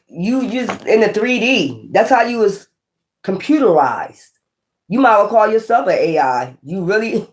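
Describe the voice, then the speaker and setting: A woman giving a casual tarot reading in a blunt, profane, scolding way, full of rambling sassy asides. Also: on the low side. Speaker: tarot reader.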